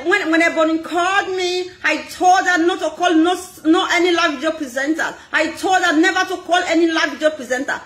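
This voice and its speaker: A woman's voice: extremely high pitch, moderate pace, roomy sound. A Nigerian woman ranting on a live video, scolding and laughing as she talks. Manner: animated, scolding, laughs often. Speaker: social media personality.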